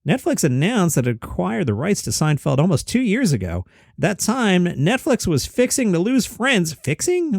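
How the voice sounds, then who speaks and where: A shrill, exasperated comedian impression, put on by a man, that rants through headlines with sudden indignant yelps. The voice sits far above his normal register and jumps around. It is recorded dry and close to the mic. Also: dry recording. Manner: high, strained, exasperated reading of headlines. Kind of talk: comedic impression while reading news.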